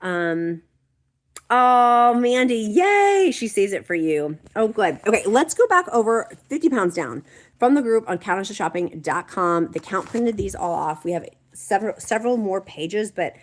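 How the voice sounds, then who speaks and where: A woman's voice: medium pitch, animated, moderate pace. A woman hosting a live stream, chatting and reading viewer comments aloud in an encouraging way. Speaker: livestream host. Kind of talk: casual livestream chat.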